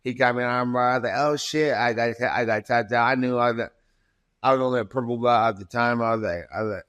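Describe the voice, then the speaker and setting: A man's voice: mid-range voice, steady tone, fast, fairly bright tone, clean tone, lo-fi sound. A man, a podcast guest and fighter, telling a long story in casual, profane talk. He acts out quoted dialogue and often restarts his sentences.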